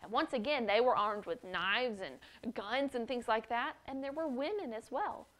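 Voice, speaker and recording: A woman tells a story to a children's church class, often turning to ask the boys and girls questions. Her voice sits a little high and stays animated. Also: moderate pace. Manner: animated, addresses children directly.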